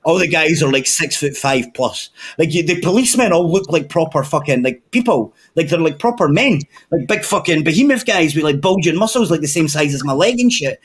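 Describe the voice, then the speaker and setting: A man's voice: fairly high pitch, lively intonation, brisk. A man with a Scottish accent, telling long sweary stories in a casual chat among friends. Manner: sweary, rambling storyteller.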